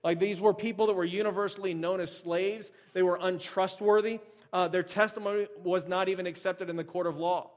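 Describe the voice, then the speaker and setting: A man's voice: high-pitched, steady tone, brisk. A male pastor from the United States preaching a casual, conversational sermon, telling stories with lots of fillers and restarts. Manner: storytelling, many fillers and restarts.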